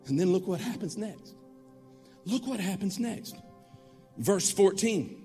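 A man preaching a sermon as a pastor, animated and acting out the story. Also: sits high, measured pace, big-room sound, soft background music.

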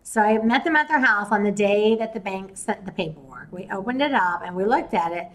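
A woman's voice: medium pitch, animated, fairly quick, poor audio. A woman, hosting a podcast and telling a story casually, acting out the people she talked to. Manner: chatty, retells conversations in quoted voices. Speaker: podcast host and real estate investor.

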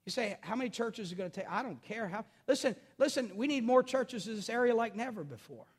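High-voiced preaching man in reverberant hall. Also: expressive, fairly quick, husky. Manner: preaching with swings from loud, urgent emphasis to quiet, intimate storytelling; repeats phrases for emphasis and addresses listeners directly. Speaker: pastor. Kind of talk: sermon. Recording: long reverb of a large hall.

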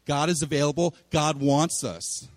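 A man preaching a sermon as pastor in a church, animated and acting out the voices of people he quotes. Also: a little high, moderate pace, in a large hall. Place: church sanctuary.

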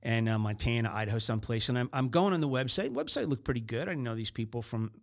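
A man's voice: mid-range voice, very animated, gravelly. Guy chatting loosely on his sales show, lots of ums and restarts. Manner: chatty, rambling, with many fillers and restarts; mimics other voices in quick snippets. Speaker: host of a sales talk show. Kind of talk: casual monologue.

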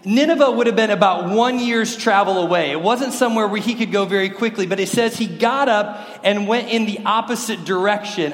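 Man, middle-aged pastor, high voice, casual joking sermon, echoey hall. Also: a bit bright. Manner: conversational, joking with the congregation. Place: church sanctuary. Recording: roomy hall with long reverb.

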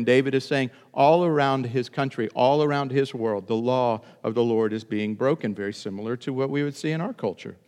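A man preaching a sermon in an earnest, emphatic way, now and then leaping up in pitch to drive a point home. His voice sits at an ordinary middle pitch, and it rings out with the long reverb of a large church hall. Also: brisk, few pauses, a little mellow. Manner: earnest preaching, rising to emphatic high bursts. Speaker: pastor.

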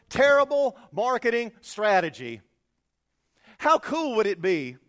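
Animated pastor preaching from the pulpit. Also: male voice, very high voice, a little slow. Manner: animated, swings from hushed to loud and emphatic; conversational, with repeated words and asides. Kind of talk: sermon.

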